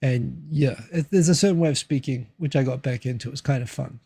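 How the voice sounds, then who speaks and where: Gravelly New Zealand man hosting a stream. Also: medium pitch, a little fast, warm tone. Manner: rambling, many fillers and restarts. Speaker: livestream host. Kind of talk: casual livestream commentary reading chat.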